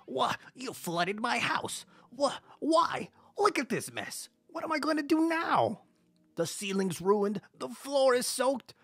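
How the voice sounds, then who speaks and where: Dude doing a high whiny bug voice, shrill and gravelly, melodramatic little caterpillar. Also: male voice, sing-song, takes it slowly, heavily acted. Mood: upset, whiny. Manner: shrill, fretting, then shouting in a tantrum. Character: angry whiny male caterpillar creature. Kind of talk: reading game dialogue aloud in a voice.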